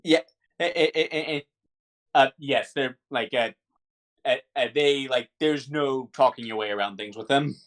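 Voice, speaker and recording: Halting man voicing a game character. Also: medium pitch, fairly bright tone. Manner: halting, many fillers and restarts. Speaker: game master. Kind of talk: improvised character dialogue in a tabletop game.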